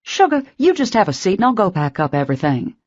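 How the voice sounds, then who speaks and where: A woman's voice: mid-range voice, sing-song, fast, no echo, muffled recording, pitched above the performer's own voice. A woman voicing an affectionate older grandmother. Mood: doting. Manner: affectionate, uses endearments. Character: warm older Southern grandmother, doting.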